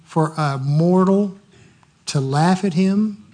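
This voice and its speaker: Male preacher, high-pitched, animated storyteller who laughs heartily through his sermon. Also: takes it slowly.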